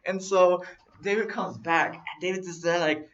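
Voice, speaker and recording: A young man co-hosting a podcast, telling a story in casual chat, animated and swearing as he acts out what people said. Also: sits high, normal speed. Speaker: podcast co-host. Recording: dull lo-fi recording.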